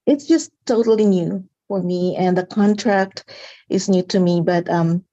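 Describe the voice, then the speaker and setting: Mellow, giggly woman on a video call. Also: fairly low pitch, a little slow, dull audio. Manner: giggly, nervous. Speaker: new real estate agent.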